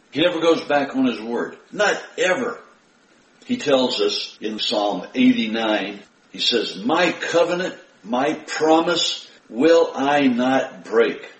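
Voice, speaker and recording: A pastor delivering a sermon, stressing scripture readings with emphatic rises. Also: male voice, medium pitch. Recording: roomy echo, from a distance.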